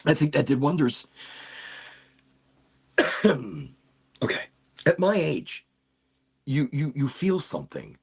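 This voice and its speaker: A middle-aged man hosting a livestream, chatting casually while high, rambling, laughing and making fun of himself. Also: very animated, a little slow, vocal fry, long pauses, slightly rough. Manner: rambling, laughing, self-mocking. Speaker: livestream host.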